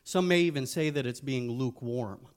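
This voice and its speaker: A man preaching a relaxed, conversational sermon to a small group. He jokes warmly with the listeners and then speaks frankly and earnestly, with an ordinary middle pitch. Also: moderate pace, smooth. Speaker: youth pastor. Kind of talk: casual sermon.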